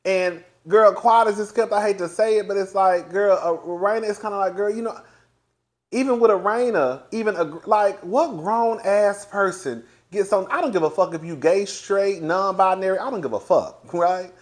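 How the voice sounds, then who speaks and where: A man's voice: high-pitched, normal speed, few pauses. A young man giving a sassy, chatty review of a reality TV show, swearing freely and laughing often as he talks. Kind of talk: casual commentary.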